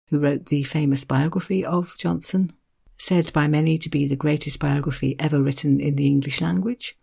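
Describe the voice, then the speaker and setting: Gravelly, mellow podcast narrator. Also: mid-range voice. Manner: wry, self-deprecating asides. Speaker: podcast host. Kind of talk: scripted literary narration.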